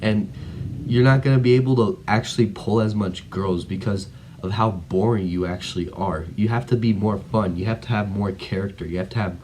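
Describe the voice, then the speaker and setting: A man's voice: lowish voice, steady tone, a little fast, darkish tone, slight background noise. A teenage boy telling a story in a casual vlog, rambling with lots of "like" and some blunt swearing. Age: teens. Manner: rambling, heavy use of "like", blunt and profane at times. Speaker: vlogger.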